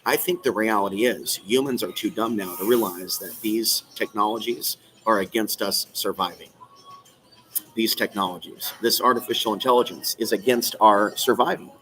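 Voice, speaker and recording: A man's voice: fairly low pitch, a bit bright, slight background noise, poor audio. A man hosting a live stream, ranting in an agitated, rambling, repetitive way from a coffee shop. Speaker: channel host.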